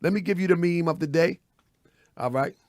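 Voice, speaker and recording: A man with a fairly high voice hosts a live online commentary show. He preaches to his audience, repeats his phrases and keeps checking in with "you know what I mean?" The sound is dry and close, with little room in it. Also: fairly quick, darkish tone, dry recording. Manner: addresses viewers as family. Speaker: host.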